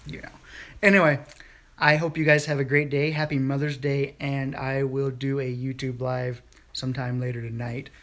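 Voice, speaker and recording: A man's voice: medium pitch, little pitch movement, normal speed, a bit bright. A man in his thirties telling a dream story in a casual morning vlog from bed, rambling with many fillers and restarts. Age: 30s. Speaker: vlogger. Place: home, in bed.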